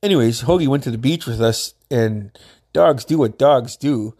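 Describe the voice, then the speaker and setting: A man's voice: mid-range voice, normal speed, darkish tone, slightly rough. A man casually telling a rambling personal story, laughing often and swearing a lot.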